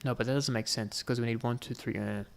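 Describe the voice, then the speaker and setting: Gravelly man muttering gameplay commentary. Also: mid-range voice, fairly even intonation, fast talker. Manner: thinking aloud, muttering counts to himself. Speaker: gaming channel host.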